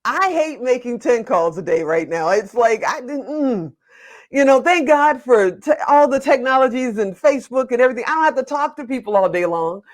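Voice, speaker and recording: A woman's voice: on the high side, expressive, moderate pace. Playful woman host interviewing a guest. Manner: playful, teasing, jumps in to interrupt. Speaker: podcast host. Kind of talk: casual interview chat.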